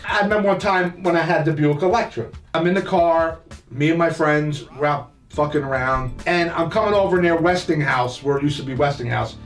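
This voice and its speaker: An older man spins profane childhood stories, rambling and laughing as he goes. His voice sits high for a man. It rings in a roomy space, picked up from a few feet off the mic with faint music underneath. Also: fairly quick, far from the mic. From New Jersey. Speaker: podcast host. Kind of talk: casual storytelling.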